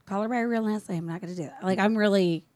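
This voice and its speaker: A woman's voice: mid-range voice, very fast, a little mellow, no room sound. A brash woman tells profane stories in a loose podcast chat. Her voice sits in an everyday middle range. The sound is dry and close, with no room around it. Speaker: comedian guest.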